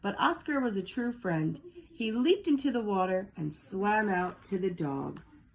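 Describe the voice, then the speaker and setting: Storyteller, woman, slow and animated children's read-aloud, mid-pitched. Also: slight background noise. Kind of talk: reading a children's picture book aloud.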